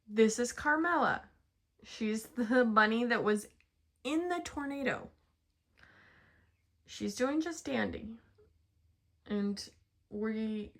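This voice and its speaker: A woman's voice: a little high, fairly bright tone. A young woman vlogging at home, telling a rambling story to camera, full of fillers and restarts. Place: at home with pet rabbits.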